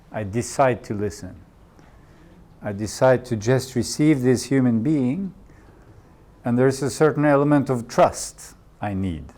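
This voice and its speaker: A man with a Norwegian accent leads a coaching workshop in a community room, speaking English as his second language. He takes his time, slowly laying out each idea and repeating the important phrases. His voice sits at an ordinary middle pitch. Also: a little mellow. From Norway. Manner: unhurried, repeats key phrases for emphasis. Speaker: workshop leader.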